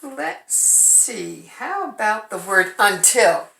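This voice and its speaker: A woman's voice: mid-range voice, very animated, slow pace, gravelly, pushed and bright. Woman, first grade teacher, phonics lesson, patient, sounds out syllables, echoey room. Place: home.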